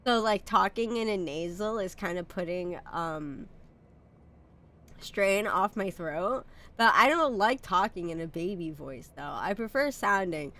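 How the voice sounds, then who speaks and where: A woman's voice: medium pitch, animated, a little slow, sharp tone. A sick woman streamer with a sore throat and a nasal voice, chatting casually and swearing as she plays a horror game.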